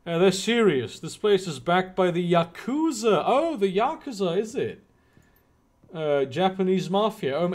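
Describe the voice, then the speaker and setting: Slick, pushy chip dealer in a game, lively high patter, read by a man. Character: pushy street dealer man hawking chips.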